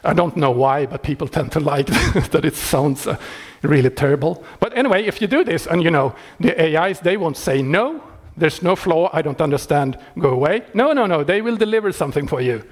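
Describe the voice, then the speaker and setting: A man who maintains a software project, talking casually and wryly, laughing often and restarting his sentences. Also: a little high, a little fast, few pauses. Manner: wry and animated, laughing often, many restarts. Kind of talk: casual explanatory talk.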